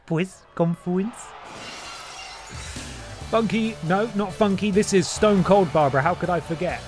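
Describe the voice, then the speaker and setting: A man's voice: high voice, brisk, few pauses, faint music behind. A man, streaming a wrestling game and doing playful mock-announcer commentary with jokey asides. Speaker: gaming streamer.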